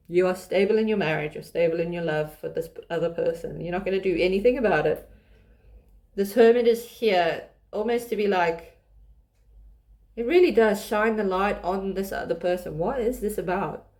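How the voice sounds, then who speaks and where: A woman's voice: lowish voice, normal speed, darkish tone. Chatty woman giving a tarot reading. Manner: chatty, restarts often, laughs while reading. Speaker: tarot reader. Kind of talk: casual tarot reading to camera.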